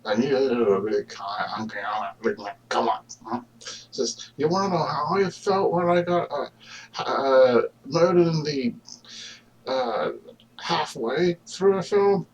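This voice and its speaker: A man's voice: mid-range voice, slow pace. Rambling man talking far from the mic. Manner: rambling, argumentative, with many fillers. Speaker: vlogger. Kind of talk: casual monologue.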